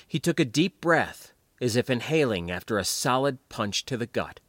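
A man's voice: medium pitch, expressive, moderate pace, fairly bright tone, no echo, clean studio sound. A man narrating a science fiction audiobook expressively, giving characters their own voices. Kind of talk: scripted sci-fi narration.

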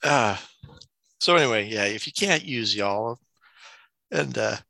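A man's voice: mid-range voice, animated, unhurried, creaky, pushed and bright, dry recording. A man from Mississippi rambling through stories in casual chat, laughing often.

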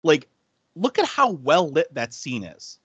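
An enthusiastic man co-hosting a casual film podcast, giggling and swearing freely as he talks. His voice is bright and sits slightly high, with a lot of rise and fall. The sound is close and dry. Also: wildly swooping pitch, a little slow, slightly rough, dry recording. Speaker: podcast co-host.

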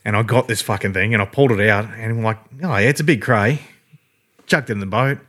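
A man's voice: fairly low pitch, fast talker, fairly bright tone. A man with an Australian accent telling rambling stories in a casual podcast chat, swearing constantly.

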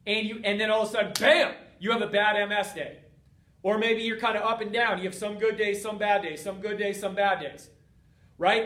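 High-voiced man in an echoey room. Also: a bit bright, recorded from a distance. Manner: earnest, repetitive, talks straight to viewers. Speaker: host of a multiple sclerosis wellness show. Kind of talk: motivational talk to camera.

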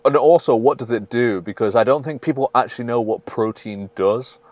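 A man's voice: mid-range voice, fairly quick, darkish tone, no room sound. A British man co-hosting a podcast as a fitness coach, chatting casually and laughing easily. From United Kingdom. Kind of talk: casual chat.

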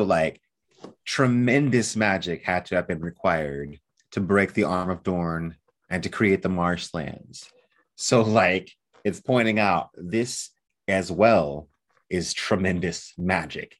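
Very deep-voiced analytical man. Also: slow. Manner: thoughtful, analytical. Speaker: podcast co-host. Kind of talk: casual chat about a fantasy novel.

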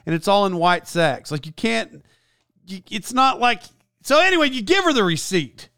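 A man's voice: sits high, expressive, moderate pace, bright, forceful tone, dry recording, studio quality. A man telling a rambling story in a casual vlog, full of restarts and side notes. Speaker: YouTuber.

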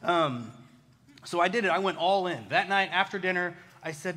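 This man's slightly high, bright, forceful voice moves briskly as he shares a story from his own life. He's animated and casual, joking at his own expense along the way.

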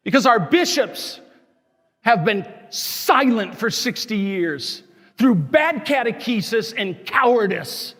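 A man's voice: sits high, expressive, slow, a bit bright. A man, a parish priest, preaching an impassioned sermon full of rhetorical questions and declared righteous anger. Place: large church. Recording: long church reverb.

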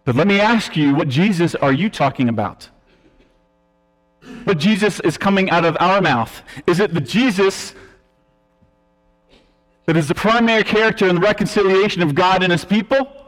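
A man's voice: high-pitched, moderate pace, pauses often. A male preacher delivering a teaching sermon, emphatic and explanatory, with self-deprecating asides. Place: church sanctuary. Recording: long reverb of a church hall.

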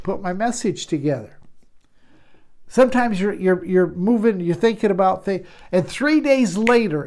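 A man's voice: sits high, darkish tone. A man preaching a sermon as a pastor, conversational, often repeating words and restarting phrases.

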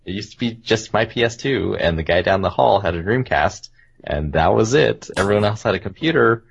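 A very low-voiced man with a husky tone and lively pitch rambles through casual gaming talk on a podcast, laughing often. The recording sounds dull and lo-fi. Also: fairly quick. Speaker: podcast host.

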